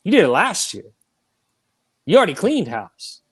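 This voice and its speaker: Male sports co-host, slightly high-pitched, emphatic and repetitive. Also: huge pitch swings, moderate pace, fairly bright tone, husky. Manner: emphatic, repeats points for stress. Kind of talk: casual sports debate.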